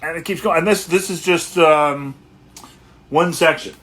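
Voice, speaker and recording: Relaxed man chatting on a livestream. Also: a little high, a little slow, breathy edge. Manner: relaxed, rambling, greets viewers by place. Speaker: guitarist hosting a livestream. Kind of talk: casual livestream chat.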